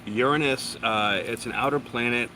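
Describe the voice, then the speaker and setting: A man's voice: medium pitch, normal speed, background noise. Laid-back man explaining astrology. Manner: relaxed, explains things with fillers. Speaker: astrologer and co-host. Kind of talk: casual live chat.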